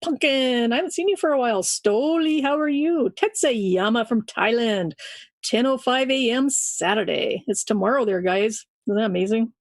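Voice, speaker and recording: A woman's voice: fairly high pitch, moderate pace, dry recording. A woman hosting a live show, cheerfully greeting listeners by name and laughing often. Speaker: show host reading out chat names. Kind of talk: casual live-stream chat.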